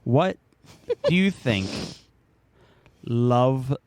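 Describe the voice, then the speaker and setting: Man, podcast co-host, goofy rambling delivery, lively pitch. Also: very slow, dry recording. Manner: joking, rambling, animated. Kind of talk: casual chat.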